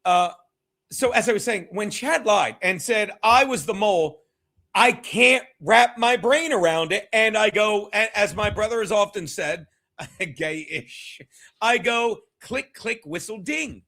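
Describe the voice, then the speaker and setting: A man hosting a casual livestream, rambling, laughing and losing his train of thought as he gives shout-outs to the chat. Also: high-pitched, a little slow. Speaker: comedian hosting a livestream show.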